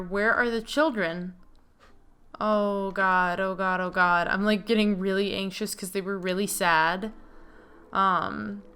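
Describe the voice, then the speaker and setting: A young woman giving casual let's play commentary, chatty and excitable, reading game lines aloud. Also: medium pitch, clean tone. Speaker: gaming video host.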